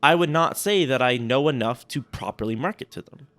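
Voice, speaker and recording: A man's voice: mid-range voice, fairly quick, fairly bright tone. A man from the United States co-hosting a casual podcast, rambling and self-mocking and laughing easily. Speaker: podcast co-host.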